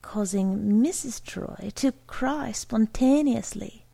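Slow, gravelly woman reading a story. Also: a little high, mellow. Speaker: narrator.

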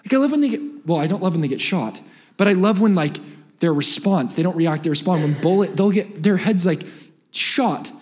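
A young adult man preaching a guest sermon in a church, animated and humorous, firing off rapid lines with sudden high-pitched exclamations. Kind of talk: energetic sermon. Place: church sanctuary.

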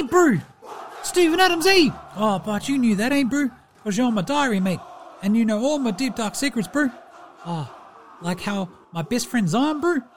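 A man doing a comic impression of a laid-back, cheerful, slow-witted New basketball player, with a drawl, tagging every line with "Brew" and "eh". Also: extremely high pitch. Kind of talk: comedy impression sketch.

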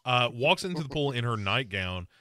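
A man's voice: mid-range voice, lively intonation, moderate pace, sharp tone, no echo, clean studio sound. A man hosting a podcast, casually recapping a movie with wry mock quotes. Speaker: podcast host. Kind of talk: casual movie review chat.

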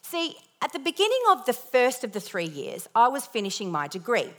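A young woman telling a lively personal testimony with self-deprecating humor as part of a sermon. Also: on the high side, brisk.

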